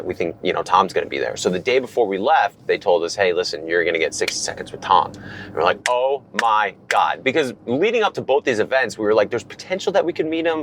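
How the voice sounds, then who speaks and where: A man telling a story in casual conversation, animated and acting out what people said. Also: sits low, slight background noise. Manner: animated, acts out quoted dialogue. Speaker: reality TV guest.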